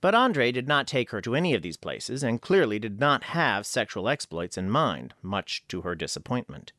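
Expressive storytelling marks this male audiobook narration, delivered in a mid-range voice at a moderate pace. The studio sound is dry and clean.

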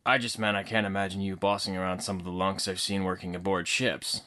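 A man voicing a smooth, flirtatious male antiques dealer in an audiobook, easygoing and teasing. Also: sits low, level tone, a little fast, pushed and bright. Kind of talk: audiobook character acting.

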